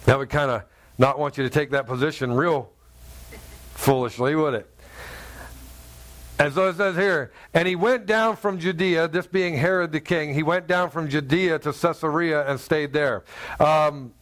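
Here the man's voice is on the high side and fairly bright, with a steady tone and normal speed. He's a pastor giving a conversational sermon, talking right to his audience while voicing the story's people.

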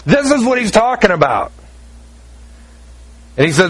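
A man preaching a sermon as pastor, emphatic and repetitive, with quick asides to the congregation. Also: high voice, big pitch swings, fairly bright tone, slightly rough.

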